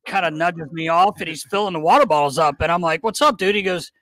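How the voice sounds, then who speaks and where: A man co-hosting a podcast, telling an animated story full of quoted dialogue in casual chat. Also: on the high side, fast, no echo, rough recording. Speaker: podcast co-host.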